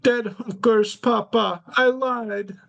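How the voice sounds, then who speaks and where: Timid young European man in clipped broken English, pitched far up. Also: fairly even intonation, creaky, a bit bright, dull audio, exaggerated voice. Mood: sheepish. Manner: halting broken English, short clipped phrases. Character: tall young man with a halting European accent, mumbling and childlike.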